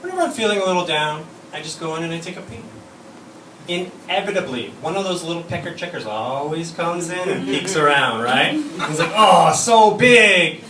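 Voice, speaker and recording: A man's voice: on the high side, brisk, a crowd in the background. A man performing a stand-up comedy set, telling bawdy stories and acting out the quoted lines. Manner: bawdy, storytelling with acted-out quotes. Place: comedy club stage. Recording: echoey room, from far off, noisy.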